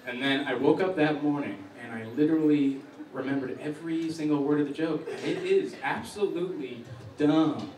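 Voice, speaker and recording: A man's voice: a little high, normal speed, a little mellow. A man doing a stand-up comedy set, chatty and building up a story. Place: comedy stage in a hall. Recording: echoey hall, distant mic, faint hiss.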